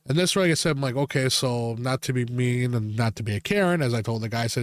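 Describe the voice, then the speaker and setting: A man's voice: medium pitch, fast, few pauses, dry recording. Podcast host, male, crude rant-style storyteller with frequent laughs; dry, close recording. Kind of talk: casual chat.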